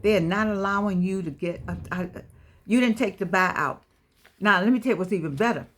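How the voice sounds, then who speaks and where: Woman, middle-aged, casual to-camera talk, repeats herself, slow emphatic punches. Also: mid-range voice. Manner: preachy, repeats herself, wanders off mid-thought; sudden emphatic stretched-out words. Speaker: online motivational speaker.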